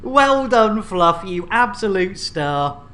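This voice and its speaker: A woman's voice: mid-range voice, big pitch swings, slow, fairly bright tone. A woman hosting a game stream, joking and bantering with bawdy humour. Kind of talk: casual game-stream chat.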